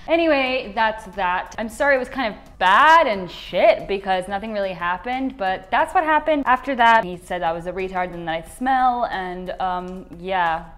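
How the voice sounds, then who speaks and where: A woman's voice: mid-range voice, a bit bright. Rambling, self-mocking young woman vlogger. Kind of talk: casual vlog chat.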